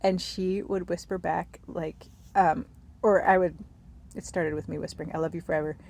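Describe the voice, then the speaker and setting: A woman in her thirties chatting casually while lying in bed, rambling softly with many fillers and sometimes dropping to a whisper. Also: fairly low pitch, fairly even intonation, moderate pace, creaky. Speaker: vlogger. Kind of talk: casual chat to camera.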